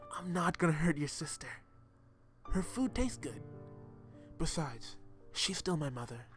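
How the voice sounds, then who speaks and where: A man's voice: medium pitch, lightly acted. A man voicing a sinister demonic little boy who taunts in a whispery, mocking voice. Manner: mocking, sneering.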